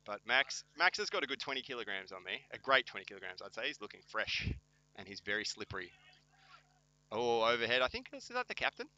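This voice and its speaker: A man's voice: medium pitch, sing-song, a little fast, sharp tone, highs cut off. A man giving joking amateur commentary at a local football match, wry, self-mocking and teasing his co-host.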